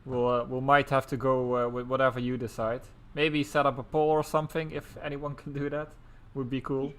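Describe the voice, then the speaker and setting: Male co-commentator for a sim-racing stream, mid-pitched, relaxed and chatty. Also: a little fast. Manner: casual, chatty, breaks into laughs. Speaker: race commentator.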